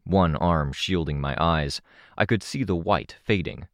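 A man reading a first-person action story aloud in a steady, dramatic storytelling manner. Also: low voice, no echo, studio quality. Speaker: audiobook narrator. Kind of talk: scripted first-person narration.

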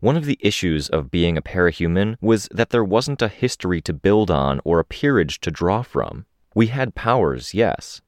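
A man narrating a fan audiobook in the first person, steady and descriptive. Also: sits low, no echo, studio quality.

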